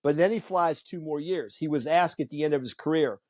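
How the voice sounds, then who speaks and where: A podcast guest talks a little fast in a voice on the high side, telling stories casually. His delivery is animated, with impressions of the people he quotes.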